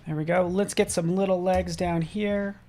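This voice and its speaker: A man giving a live software tutorial, upbeat and chatty, often checking in with "right?" as he works on a drawing. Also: high voice, fairly even intonation, normal speed, soft background music. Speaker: design instructor.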